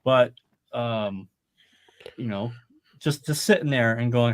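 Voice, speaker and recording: A man's voice: mid-range voice, slow, long pauses. Rambling, swearing middle-aged man. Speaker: podcast co-host. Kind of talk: casual chat.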